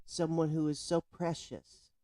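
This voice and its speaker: A woman's voice: deep voice, flat delivery, a little slow, mellow, no room sound. A woman giving indignant, emphatic commentary on a news story, speaking straight to the viewer. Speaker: political commentator.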